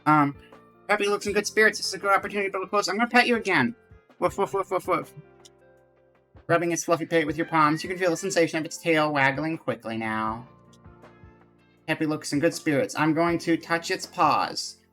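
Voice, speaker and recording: Bright-voiced man streaming a game. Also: on the high side, quick pace, soft background music. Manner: chatty, reads game text aloud, talks to chat. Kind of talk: casual live game commentary.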